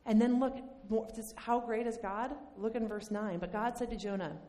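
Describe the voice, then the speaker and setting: A woman teaching a Bible study lesson in a conversational, animated way, acting out the lines she quotes. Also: on the high side, normal speed. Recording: long hall reverb.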